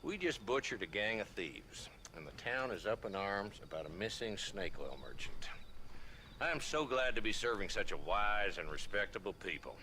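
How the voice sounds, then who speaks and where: A world-weary lawman of the old frontier, sardonic and dry. His low voice has a bright edge and swings widely when he mocks. Heard as video game audio with faint hiss underneath. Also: sing-song, normal speed, heavily acted. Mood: sarcastic. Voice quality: dry, sarcastic drawl. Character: weary sardonic male frontier town marshal. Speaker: town marshal.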